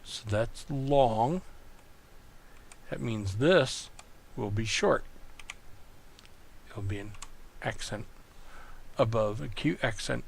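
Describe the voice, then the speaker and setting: A man teaching an online lesson, working through exercises step by step and thinking aloud in a slow, methodical way. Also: medium pitch, vocal fry, a little hiss or hum. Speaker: Greek tutor.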